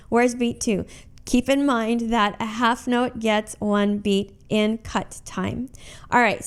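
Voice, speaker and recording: A woman teaching piano and music theory in an online lesson, explaining clearly, counting beats aloud and singing rhythms. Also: on the high side.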